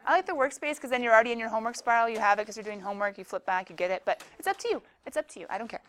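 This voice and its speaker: A woman's voice: a little high, expressive, racing, a bit bright, a little hiss or hum. A woman teaching a classroom math lesson, playful and joking with her students as she works a problem.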